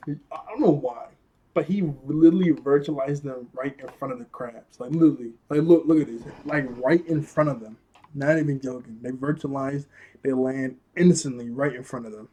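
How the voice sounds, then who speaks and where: A man's voice: mid-range voice, normal speed, mellow, slightly rough. A young man casually recapping a cartoon episode, laughing often and talking in loose slang with lots of fillers.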